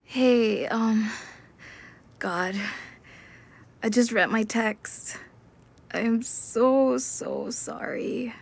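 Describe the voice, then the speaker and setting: A woman's voice: on the high side, very slow, creaky, pauses often, breathy edge, exaggerated voice. An actress playing a sleepy, hungover young Scottish woman who is embarrassed and apologizing in a game video. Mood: apologetic.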